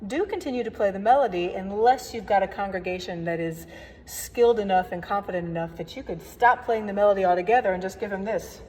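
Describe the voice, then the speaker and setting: A woman's voice: mid-range voice, quick pace. Woman organist teaching in an echoing church. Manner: friendly, chatty explaining with playful asides. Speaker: organist teaching hymn playing. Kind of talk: recorded workshop lesson. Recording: long reverb, faint background noise.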